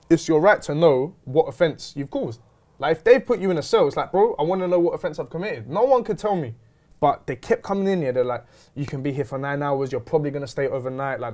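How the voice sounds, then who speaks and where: A young man telling a story in casual chat, slangy and animated. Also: on the high side. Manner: animated, slangy, retelling with quoted dialogue. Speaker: host.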